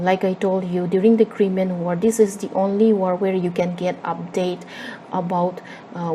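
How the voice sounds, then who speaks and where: A woman with a Manipuri English accent teaches a poem in an explanatory lesson, pausing often on fillers and repeating herself. Her voice sits slightly low and sounds mellow and soft-edged, with a faint hiss of background noise. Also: low-quality recording. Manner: explanatory, with frequent fillers and repetitions. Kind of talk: classroom-style literature lesson.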